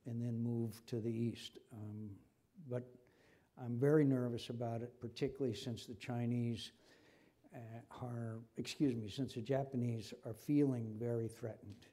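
A man's voice: mid-range voice, fairly even intonation, a little slow, dark tone. An older man with an American accent, answering an interviewer's questions at a public forum, growing impassioned and repeating himself when stirred. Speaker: senator being interviewed. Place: lecture forum before an audience.

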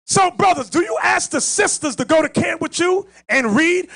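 A man preaching a fiery Bible lesson, emphatic and mocking, often raising his voice to a shout. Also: very high voice, animated, moderate pace, vocal fry, few pauses, dry recording. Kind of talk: fiery street-style Bible teaching.

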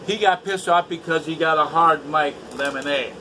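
A man's voice: fairly high pitch, normal speed, bright, forceful tone, slight background noise, low-quality recording. A man in later life ranting to camera at home, bitter and profane, repeating himself. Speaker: vlogger. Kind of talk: angry rant to camera. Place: indoors at home.

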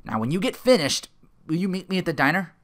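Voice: medium pitch, very animated, fast, pitched above the performer's own voice, natural voice. A reader voicing a weary, frustrated TV weatherman who pleads in a casual read-aloud of a script. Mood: exasperated. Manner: exasperated, pleading.

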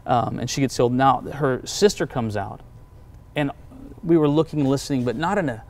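A man, a pastor, telling personal testimony stories in a relaxed conversation, acting out the voices of the people he quotes. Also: mid-range voice, normal speed. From United States.

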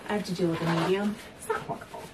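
A woman's voice: medium pitch, steady tone, very fast, far from the mic, very noisy. A woman chatting casually in a home vlog, rambling and laughing often as she shows off her purchases. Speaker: fitness vlogger showing purchases. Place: at home, indoors.

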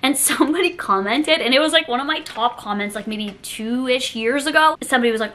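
A woman's voice: sits high, fast talker, hardly any pauses, a bit bright. A young woman chatting casually as she unboxes items, giggling often and filling her talk with "like". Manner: chatty, giggly, heavy use of "like". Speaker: vlogger.

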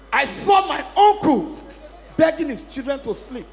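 A male stand-up comedian with a Nigerian accent works a live crowd, slipping into pidgin English and shouting his punchlines. His voice sits very high. The sound rings with the long reverb of a big hall. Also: very animated, unhurried, creaky. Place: live show venue with audience.

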